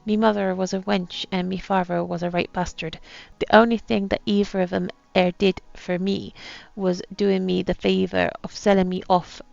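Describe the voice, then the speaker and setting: A woman voicing a boastful old male pirate captain in a put-on pirate accent, reading his journal aloud in slow, rough slang. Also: medium pitch, level tone, darkish tone, no echo, dull audio.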